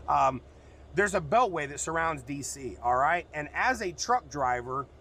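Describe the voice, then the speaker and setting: A man's voice: fairly high pitch, fairly bright tone, a little hiss or hum. Frank, rambling trucker man. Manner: frank, rambling, cusses freely. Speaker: truck driver and vlogger. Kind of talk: casual vlog talk.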